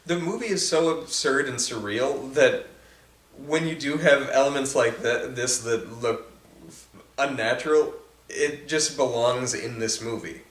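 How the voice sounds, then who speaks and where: A man with a medium-pitched voice and measured pace hosts a casual film commentary podcast. He's chatty and enthusiastic, leaning heavily on "like" as filler. The recording sounds distant and roomy, with echo and faint hiss.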